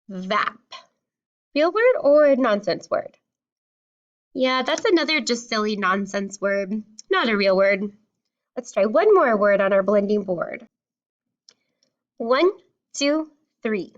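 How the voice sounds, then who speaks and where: A woman teaching a phonics lesson to young children, sounding out words slowly and cheering them on. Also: a little high, big pitch swings, dull audio. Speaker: kindergarten teacher.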